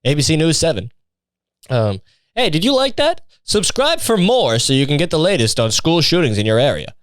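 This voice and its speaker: A man's voice: fairly high pitch, very animated, normal speed, no echo, studio quality. A man mocking a smarmy cheery news anchor. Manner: mock-cheery, sarcastic.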